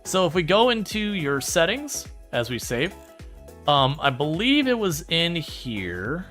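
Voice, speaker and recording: Casual male streamer, bright tone, easygoing rambling chat, faint music bed. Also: fairly high pitch, big pitch swings, a little slow. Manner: rambling, chatty, answers viewer questions. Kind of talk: casual livestream chat while playing a farming game.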